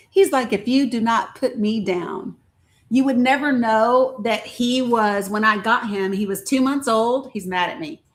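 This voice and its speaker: Outspoken woman live-streaming. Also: a little high. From rural American South. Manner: candid and outspoken, with folksy Southern sayings. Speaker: livestream host. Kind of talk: casual live-stream chat.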